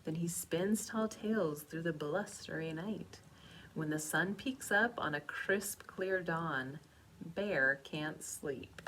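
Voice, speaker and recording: A young woman librarian reading a picture book aloud to children, animated and chatty, with asides to the kids. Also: deep voice, takes it slowly, slight background noise.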